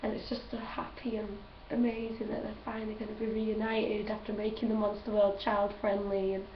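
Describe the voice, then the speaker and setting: Though her delivery is completely flat, this young vlogger is chatty and gushing, laughing often as she answers questions. Her mid-range voice goes a little fast. The home recording comes across roomy, distant and dull, with a little hiss or hum.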